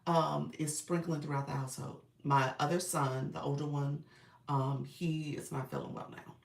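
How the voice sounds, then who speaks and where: A woman business coach hosting a casual livestream. She is under the weather and a bit raspy, and she greets viewers by name in an upbeat, encouraging way. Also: deep voice, steady tone, moderate pace, roomy sound, distant mic.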